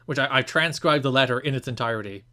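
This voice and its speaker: A man's voice: medium pitch, quick pace, sharp tone. Guy cohosting a podcast, rambly, keeps restarting, swears casually. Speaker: podcast co-host. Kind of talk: casual chat.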